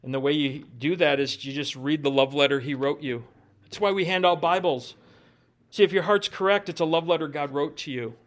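Earnest man preaching, fairly high voice. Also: steady tone, brisk. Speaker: pastor. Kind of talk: sermon.

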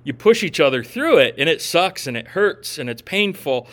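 A man's voice: on the high side, normal speed. A man pastor giving a casual, joking sermon with gym and pop-culture asides. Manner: animated, swings between loud and soft. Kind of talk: conversational sermon.

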